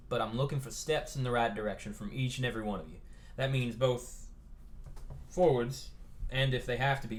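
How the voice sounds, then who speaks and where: A man voicing a formal Southern gentleman school leader with a Southern US accent, giving a drawn-out ceremonial speech. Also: mid-range voice, lightly acted.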